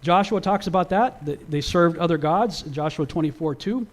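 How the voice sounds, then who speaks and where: A man teaching about the Bible in a casual, conversational way. His voice sits a little high for a man. He often restarts and fills pauses as he talks. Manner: conversational, many fillers and restarts.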